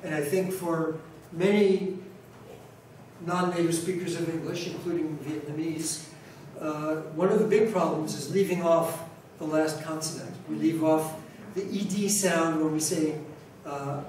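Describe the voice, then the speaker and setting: In a large conference hall, a New York City man who teaches pronunciation gives a talk in a conversational style, circling back, restarting, and deliberately speaking up. His voice is a little high and darkish, with fairly even intonation. Recorded from a distance, it carries heavy hall echo over a faint hiss.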